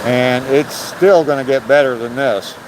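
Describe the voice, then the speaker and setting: A man's voice: mid-range voice, measured pace, noisy background. An older man hosting a casual livestream, chatting loosely and swearing now and then as he walks down a rocky trail by a waterfall. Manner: walking down a rocky trail while talking. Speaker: livestreaming vlogger. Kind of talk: casual live-stream chat. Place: outdoor forest trail by a waterfall.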